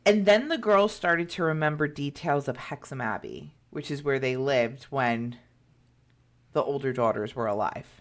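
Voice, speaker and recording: A woman's voice: extremely low pitch, normal speed. A woman co-hosting a podcast, telling a story in a chatty way with lots of fillers and acted-out quotes. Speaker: podcast co-host. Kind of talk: casual storytelling chat.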